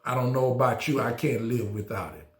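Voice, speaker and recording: A man's voice: mid-range voice, fairly even intonation, fairly quick, reverberant. A man preaching a sermon as pastor, emphatic and repeating key lines for stress.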